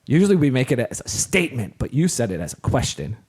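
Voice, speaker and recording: A middle-aged man co-hosting a casual sports podcast with his son, upbeat and quick to laugh, often restarting his sentences. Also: mid-range voice, very animated, a little mellow, breathy edge. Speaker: co-host, father.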